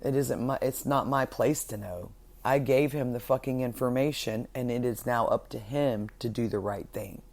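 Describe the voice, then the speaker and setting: A woman's voice: extremely low pitch, moderate pace, a little mellow. A woman hosting a spiritual podcast monologue, talking fervently and self-assuredly, swearing heavily and repeating words for emphasis. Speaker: podcast host.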